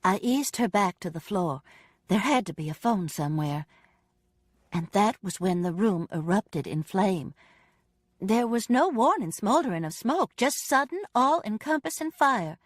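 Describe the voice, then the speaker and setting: A woman narrating a first-person audiobook with expressive, dramatic storytelling. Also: mid-range voice, measured pace, dry recording, studio quality.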